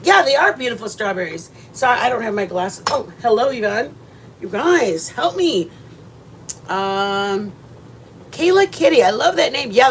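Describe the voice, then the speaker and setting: Lady rambling on a cooking livestream, talking right to her viewers, mid voice, faint rumble behind. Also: a bit bright. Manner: chatty, rambling, talks straight to viewers. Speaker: livestream host. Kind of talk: casual cooking livestream chat.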